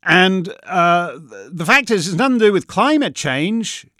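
A man's voice: high voice, sing-song, unhurried, bright, forceful tone, dry recording, studio quality. A man hosting an opinionated commentary monologue, rambling with stumbling restarts and breaking into heated outbursts. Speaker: host.

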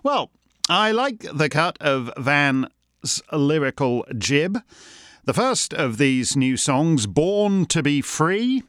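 A man's voice: a little high, very animated, slow pace, a bit bright, dry recording, clean studio sound. A man hosting a satirical monologue, sardonic and mocking in manner. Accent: Canadian. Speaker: host.

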